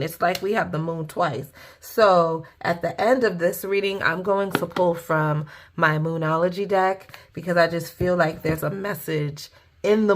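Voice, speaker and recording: A woman giving a casual spoken tarot reading, heartfelt and informal, with occasional cursing. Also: lowish voice. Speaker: tarot reader.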